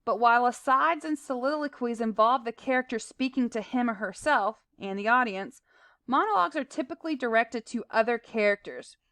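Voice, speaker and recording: A woman talks through a recorded lesson in a fairly high voice. She explains terms plainly, with fillers and asides. The sound is dry and close, and her voice is smooth. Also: fairly quick, sharp tone, dry recording. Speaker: teacher.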